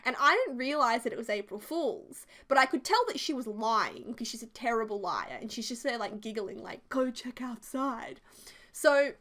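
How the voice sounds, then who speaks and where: A video creator in her twenties tells a rambling personal story over a build video, chatty and animated. Her voice sits a little high, she talks a little fast with few pauses, and she says "like" constantly.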